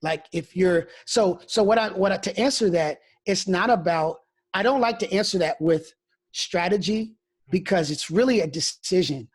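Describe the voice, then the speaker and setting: This husky-voiced man, a pastor, sits high in pitch and talks at normal speed. He's being candid in a conversational interview, sharing stories and repeatedly restarting what he says.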